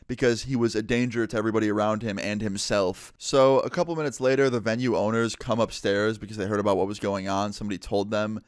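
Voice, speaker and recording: A man's voice: on the low side, steady tone, fast, few pauses, smooth, no echo, studio quality. A young man in a vlog, telling a personal story in a casual, filler-heavy way. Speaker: vlogger.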